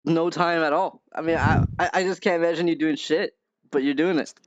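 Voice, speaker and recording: A man hosting a casual gaming podcast, goofy and loud as he introduces his friends. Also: on the high side, fairly even intonation, brisk, no echo, lo-fi sound. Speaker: podcast host.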